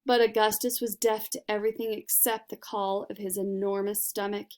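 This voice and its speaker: A woman reading a children's storybook aloud with expressive, dramatic narration. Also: mid-range voice, moderate pace. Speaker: reader.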